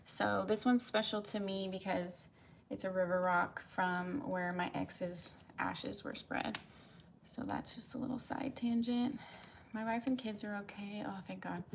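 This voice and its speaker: A woman's voice: mid-range voice, fairly even intonation, measured pace, gravelly, slight background noise. Chatty woman doing a live tarot reading. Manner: chatty and rambling, heavy use of "like" and "um"; reads viewers' comments aloud and answers them. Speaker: tarot reader on a live stream. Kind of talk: casual live pick-a-card reading, chatting with viewers.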